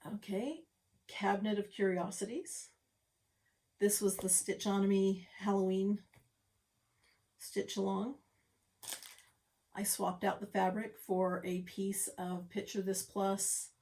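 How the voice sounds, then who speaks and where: A woman's voice: mid-range voice, level tone, slow pace, pauses often, a little mellow. A middle-aged woman showing her cross-stitch projects in a casual home vlog, chatty and self-deprecating with rambling asides. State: a little out of breath. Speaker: stitching vlogger. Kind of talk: casual show-and-tell vlog. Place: home craft room.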